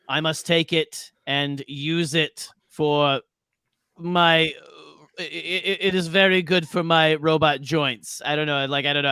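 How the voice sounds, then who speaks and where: A man's voice: on the high side, pushed and bright, clear, resonant tone, no room sound, studio quality. A man putting on a New Zealand-accented bounty droid. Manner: slow, threatening, stumbling over words. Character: menacing bounty hunter droid, male, greedy. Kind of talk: tabletop role-play.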